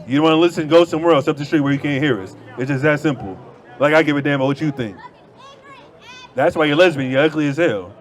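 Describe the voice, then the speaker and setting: A man's voice: a little high, fast talker, some chatter behind. Confrontational man arguing on a street. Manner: confrontational, dismissive, repeats himself. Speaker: street preacher. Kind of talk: heated street debate. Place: outdoors on a city street.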